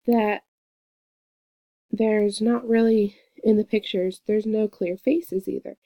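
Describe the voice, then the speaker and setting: A young woman, a student giving a peer review of a classmate's work, reading quoted passages aloud slowly and commenting on them earnestly. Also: mid-range voice, fairly even intonation, no room sound, muffled recording.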